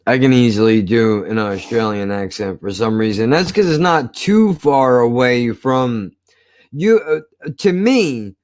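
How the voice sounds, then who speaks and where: A man hosting a casual chat, talking in a blunt, profane and cynical way, his voice rough from years of smoking. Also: medium pitch, expressive, a little slow, darkish tone, no room sound. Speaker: host.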